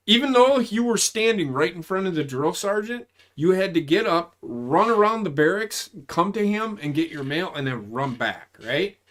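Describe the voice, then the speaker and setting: This man's voice sits high, moving at a moderate pace with barely a pause. A veteran in his forties, he casually recounts army stories, cursing freely, rambling, and getting animated in the telling.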